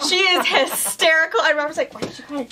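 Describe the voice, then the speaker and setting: A woman's voice: high-pitched, quick pace, crowd noise. A woman in her thirties co-hosting a quilt shop video, chatting casually and telling funny family stories with frequent laughter. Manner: animated storyteller, laughs often. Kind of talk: casual chat.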